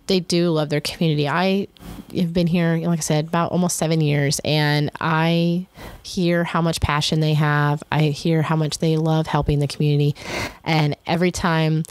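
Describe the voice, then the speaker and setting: A woman's voice: sits low, a little mellow, no echo. A woman hosting a podcast, talking casually and rambling with restarts and fillers. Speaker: podcast host.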